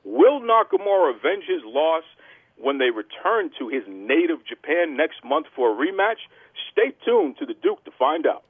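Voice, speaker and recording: A man's voice: on the high side, very animated, moderate pace, slightly rough, no echo, narrow, tinny audio. A man hosting a wrestling podcast with a boastful, theatrical heel persona. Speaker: podcast host. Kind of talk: brash wrestling podcast talk.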